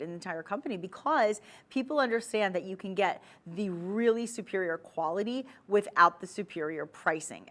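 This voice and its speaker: A woman hosting a live TV shopping show, selling jewelry in a chatty, persuasive way and talking straight to viewers. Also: fairly low pitch. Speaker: shopping channel host. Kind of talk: live TV jewelry sales pitch. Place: TV studio.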